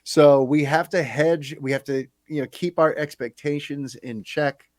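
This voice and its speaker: A man hosting a casual podcast chat, talking in a chatty, animated way with quick asides. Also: a little high, no room sound, clean studio sound. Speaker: podcast host.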